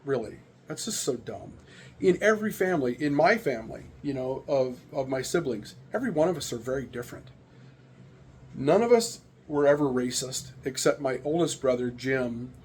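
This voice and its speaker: A man's voice: medium pitch, expressive, normal speed, darkish tone, a little hiss or hum. A middle-aged American man telling stories and opinions in a rambling, candid casual monologue. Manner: rambling, candid storytelling with frequent fillers. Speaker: vlogger sharing opinions.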